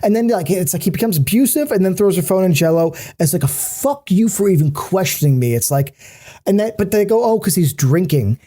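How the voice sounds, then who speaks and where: A man co-hosting a podcast, ranting casually and profanely, lively and quick to curse. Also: sits high. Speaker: podcast co-host. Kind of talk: casual chat.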